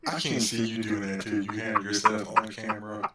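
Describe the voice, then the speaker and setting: A man's voice: on the low side, level tone, normal speed, heavy background noise. Teasing man on an echoey distant mic. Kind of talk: casual stream banter.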